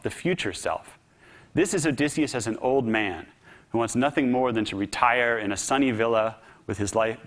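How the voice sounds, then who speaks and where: A man giving a public talk, telling a story with humor and lively delivery. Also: lowish voice. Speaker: speaker.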